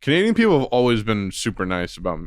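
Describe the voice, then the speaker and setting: A man from Missouri, a comedy podcast co-host, joking deadpan in casual chat and often trailing off quietly. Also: on the low side, fast, clear, resonant tone, no room sound, clean studio sound. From Missouri, USA. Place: room, private recording.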